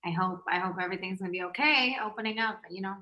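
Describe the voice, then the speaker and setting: A woman's voice: mid-range voice, fast, pushed and bright, reverberant, low-quality recording. A young woman from the US, a pop singer being interviewed, chatting in a bubbly, giggly, rambling way from home. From United States. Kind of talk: casual interview chat. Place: home, remote call.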